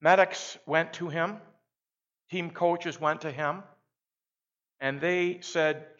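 A man's voice: on the high side, fairly even intonation, takes it slowly, long pauses, fairly bright tone. A male pastor preaching a sermon, telling a story emphatically and leading the congregation to repeat his words before he prays. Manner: emphatic storytelling that builds to calls for the congregation to repeat after him. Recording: dull lo-fi sermon recording.

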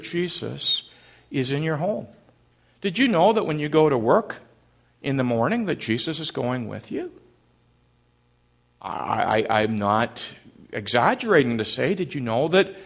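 A middle-aged man, a pastor, preaching a sermon and telling a story in a gentle, halting way. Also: a little high, creaky.

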